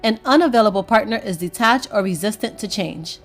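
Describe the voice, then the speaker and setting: A woman reading scripted narration as a relationship coach, in a measured, explanatory way. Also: mid-range voice, soft background music.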